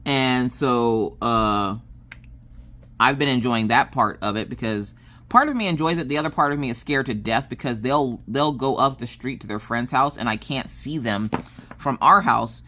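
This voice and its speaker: A woman, chatting casually in a crafting vlog, telling stories in an animated way and acting out what people said. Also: very deep voice, moderate pace. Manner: animated storytelling, acts out quotes. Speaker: crafting vlogger. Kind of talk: casual chat while crafting.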